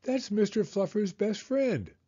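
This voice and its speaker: A whiny, theatrical little boy pleads in a high, lively voice, as a man reading aloud puts him on. The sound is dull and lo-fi. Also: unhurried, breathy edge, exaggerated voice. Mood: protesting.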